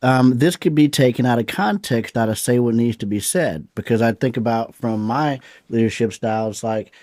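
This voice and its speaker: A man co-hosting a leadership podcast, relaxed and reflective, who backs up his partner with lots of short affirmations. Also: mid-range voice, moderate pace, no room sound, studio quality. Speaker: podcast co-host. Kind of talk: casual podcast chat.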